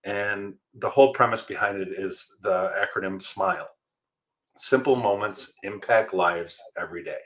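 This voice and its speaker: A middle-aged man, a firefighter and motivational speaker, answering interview questions with animated stories and frequent laughter. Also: fairly low pitch, moderate pace. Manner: animated storyteller, laughs often, acts out quoted voices.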